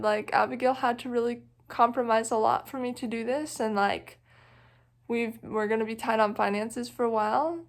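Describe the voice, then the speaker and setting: A woman's voice: fairly high pitch, fairly even intonation, normal speed. A young woman vlogging about her long-distance hike, talking in a thoughtful, rambling way full of "like" and "you know". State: emotional, near tears. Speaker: thru-hiker vlogger. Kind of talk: reflective casual vlog.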